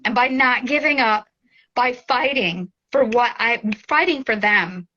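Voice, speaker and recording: A woman in her forties speaking as an interview guest, heartfelt and tearful, often halting and restarting. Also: a little high, bright, forceful tone, lo-fi sound. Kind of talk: emotional interview.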